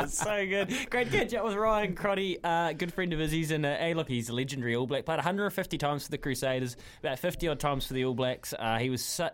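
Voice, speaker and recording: A man with a New Zealand accent co-hosting sports radio, reading links and ads in a brisk, upbeat announcer style. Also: mid-range voice. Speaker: radio sports show co-host. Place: radio studio.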